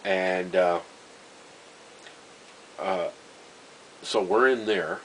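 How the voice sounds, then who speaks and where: A man, telling a personal story in a rambling, halting way, full of fillers and wry chuckles. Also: sits low, steady tone, a little hiss or hum, rough recording. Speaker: vlogger. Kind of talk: casual storytelling monologue.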